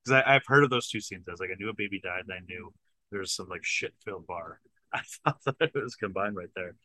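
A man's voice: sits low, fast, bright, forceful tone, no echo, low-quality recording. A man co-hosting a podcast, talking about a film in a laid-back, profane way. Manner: laid-back and profane, laughs between points. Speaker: podcast co-host. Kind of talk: casual movie discussion.

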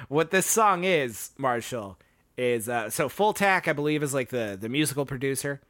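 A young man co-hosting a casual podcast, rambling and animated as he describes songs. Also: normal speed, dry recording. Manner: rambling, animated, acts out lyrics in a high voice. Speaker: podcast co-host. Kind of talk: casual chat.

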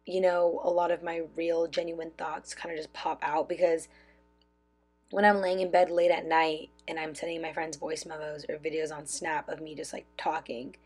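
A young woman hosting her own podcast in a bubbly, loud, chatty way, full of "like" fillers, talking into a phone with a clip-on mic as if sending a voice memo. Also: low-pitched, flat delivery, normal speed, slightly rough. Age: young adult. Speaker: podcast host. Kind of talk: casual chat, like a voice memo. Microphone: phone with clip-on lav mic.

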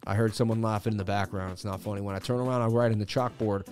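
Give me a man with a lowish voice casually hosting a live market stream, chatty and joking. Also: fairly even intonation, fast talker, hardly any pauses, darkish tone, soft background music. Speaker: crypto chart analysis livestream host.

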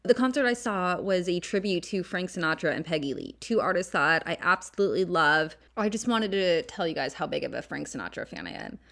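A woman's voice: fairly low pitch, expressive, fairly quick, gravelly, hardly any pauses, a bit bright. A young woman from the San Fernando Valley with a Valley Girl accent, hosting a podcast in casual, candid, profane chat. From San Fernando Valley, California. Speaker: podcast host.

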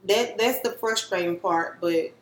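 A woman's voice: mid-range voice, a little slow. Laid-back chatty woman in a roomy space. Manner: laid-back, laughs often, colloquial. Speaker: podcast co-host. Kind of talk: casual chat. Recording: roomy with light noise.

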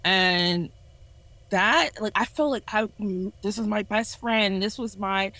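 A woman's voice: medium pitch, slow pace, bright, forceful tone, no room sound, low-quality recording. Earnest young woman, dry close sound. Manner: earnest, candid, self-reflective. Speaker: ministry leader sharing a testimony. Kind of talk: candid personal testimony in a podcast talk.

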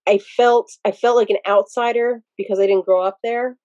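A woman's voice: medium pitch, steady tone, normal speed, a little mellow, no echo, muffled recording. A woman from Pennsylvania, a podcast guest, telling casual stories in a rambling, digressive way with many restarts. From Pennsylvania, USA. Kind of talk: casual interview storytelling.

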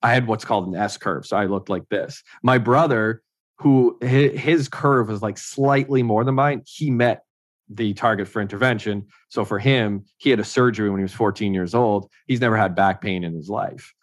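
A man in his thirties, speaking as an interview guest in a relaxed, chatty storytelling way. His voice sits on the low side and sounds dry and close, with no room echo. He slips easily into acting out what other people said, peppering his talk with "like". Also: moderate pace. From Ontario, Canada. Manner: conversational, acts out others' lines, frequent "like". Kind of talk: casual personal storytelling.

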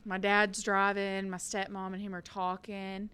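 A woman, co-hosting a podcast and telling stories in a casual, animated way, laughing and building to loud peaks. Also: medium pitch, unhurried, clean tone. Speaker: podcast co-host. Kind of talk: casual storytelling chat.

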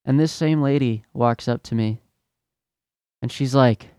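A man's voice: medium pitch, measured pace, dark tone, clear, resonant tone, no echo, clean studio sound. A young man hosting a podcast, ranting in a fed-up, profane, exasperated way about his retail job. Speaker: podcast host, retail worker.

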